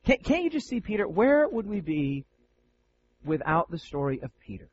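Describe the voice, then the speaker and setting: A man preaching a sermon to Bible students, animated and playful, with many rhetorical questions. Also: high voice, moderate pace, dull audio, slight background noise.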